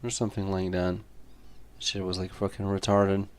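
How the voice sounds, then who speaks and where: A man's voice: sits low, completely flat delivery, normal speed. A man chatting casually and swearing a lot, telling rambling stories full of fillers. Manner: profane, laid-back storytelling full of fillers.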